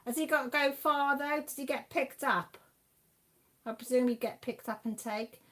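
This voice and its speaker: A woman's voice: high-pitched, moderate pace, fairly bright tone. A woman hosting a craft livestream, chatting casually as she reads out viewer messages and answers them. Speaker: livestream host. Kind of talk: casual chat reading viewer comments.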